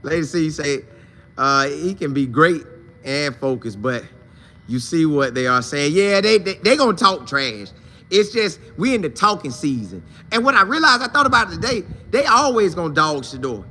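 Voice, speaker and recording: A man hosts a casual sports talk live stream, giving shout-outs to viewers by name in loose, slangy, animated chatter. His voice is on the high side and moves at a normal speed.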